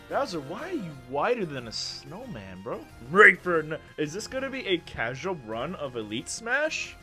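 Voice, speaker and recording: A fairly high-voiced man calls his own gameplay with excitable energy, yelling and laughing at the plays. His tone is bright and sharp, with pitch that leaps all over the place. Faint game music plays underneath. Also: moderate pace, hardly any pauses. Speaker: gaming channel host.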